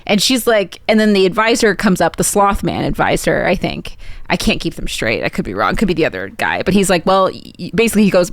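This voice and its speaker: A woman co-hosting a podcast, retelling a scene quickly and chattily, with lots of "like" and asides. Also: on the low side, big pitch swings, dry recording. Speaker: podcast co-host. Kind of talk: casual recap chat.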